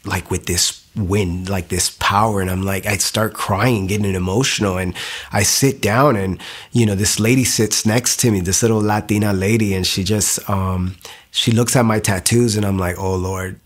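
A young man telling a personal faith testimony in a casual, animated way, full of "like" fillers and acted-out quotes. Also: on the low side, normal speed. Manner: animated storytelling with many "like" fillers, acting out quotes. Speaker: guest sharing testimony.

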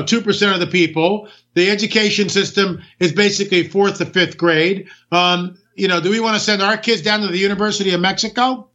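Emphatic high-voiced ranting talk host. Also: male voice, sharp tone, muffled recording. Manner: ranting, emphatic, rhetorical questions. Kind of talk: political talk monologue.

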